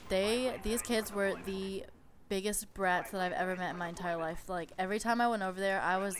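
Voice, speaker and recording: A woman's voice: mid-range voice, fairly quick, a crowd in the background. A young woman in a casual storytime vlog, chatty and exasperated, peppering her stories with "like". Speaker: babysitter telling stories.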